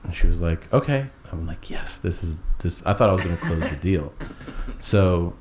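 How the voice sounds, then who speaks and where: A man's voice: low voice, fairly even intonation, moderate pace, darkish tone, a little hiss or hum. A man telling a long, rambling, profane story in casual chat, acting out every quote.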